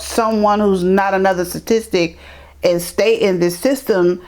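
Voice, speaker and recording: A middle-aged woman from New York telling her life story in an interview, animated and acting out the people she quotes. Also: medium pitch, normal speed. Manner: animated, acts out quoted voices, repeats words. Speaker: interview guest. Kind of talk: storytelling in conversation.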